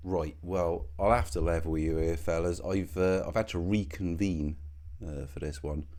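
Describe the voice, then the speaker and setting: A man with a low, mellow voice delivers a rambling, profane rant straight to camera. He is sardonic and slips in and out of a mock accent as he goes. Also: steady tone, normal speed. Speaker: online commentator. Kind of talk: ranting video commentary.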